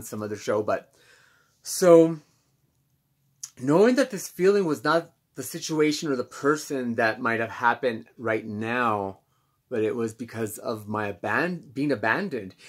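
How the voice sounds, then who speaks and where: A man speaking candidly as host of his own self-help channel, reflective and halting with many pauses and restarts. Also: mid-range voice, a bit bright. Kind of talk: candid personal monologue.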